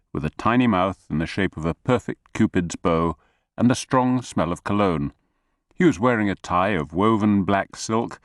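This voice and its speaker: A man reading an audiobook aloud at a measured, even pace. His voice sits low, and the recording is dry and close-miked. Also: no echo. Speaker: audiobook narrator. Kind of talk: scripted narration.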